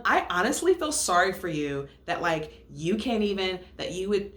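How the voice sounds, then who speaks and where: A young woman hosting a casual recap, lively and quick to laugh, acting out what others said in a higher voice. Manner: animated, acts out quotes in a higher voice, laughs often. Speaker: podcast host reviewing a reality show. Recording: echoey room.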